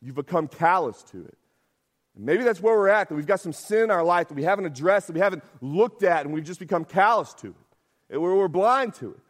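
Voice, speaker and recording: A man's voice: high voice, expressive, fairly quick. A man preaching a sermon as pastor, talking conversationally, often asking "right?" and acting out quotes.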